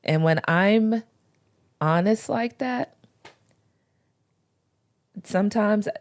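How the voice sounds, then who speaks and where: A woman's voice: mid-range voice, very slow, a little mellow. A woman talking earnestly about faith in a casual podcast chat, with informal slang. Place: podcast recording.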